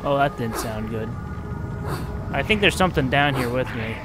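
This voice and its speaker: A man commentating his playthrough of a game, excitable, swinging from muttering to yelling. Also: mid-range voice, normal speed. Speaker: gaming video host. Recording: music from the game behind the voice.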